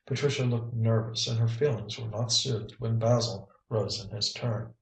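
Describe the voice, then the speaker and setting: A man narrating an audiobook in an even, measured reading. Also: fairly low pitch. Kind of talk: scripted narration. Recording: roomy, distant mic.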